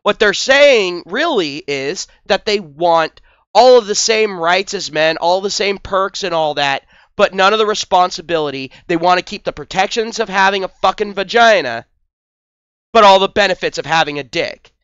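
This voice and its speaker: A man's voice: high-pitched, animated, normal speed, fairly bright tone, smooth, no echo, highs cut off. A man hosting a commentary video, talking in a crude, scornful, mocking way. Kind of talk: profane reaction commentary.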